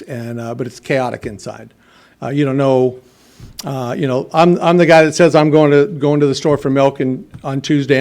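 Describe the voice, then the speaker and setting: A middle-aged man telling his own recovery story at a meeting, rambling with many fillers and restarts. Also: a little high. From United States. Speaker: AA meeting speaker.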